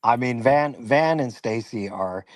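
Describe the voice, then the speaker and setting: A man's voice: mid-range voice, animated, a little slow, no echo. A man with a mid-range voice chats casually on a live stream, plain-spoken and scornful. His recording is dry and close, with no room sound around him. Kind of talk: casual chat.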